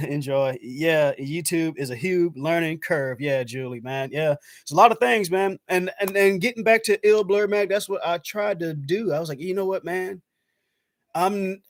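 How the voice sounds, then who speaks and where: A man from the States talks to his stream viewers in a relaxed, rambling way, his voice sitting a little high for a man. He livens up whenever he acts out what he was thinking, and the sound is close and dry. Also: no room sound. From United States. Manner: loose and chatty, lots of "man" and "I was like"; animated when acting out his own past thoughts. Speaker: YouTube channel host. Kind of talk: casual live-stream chat.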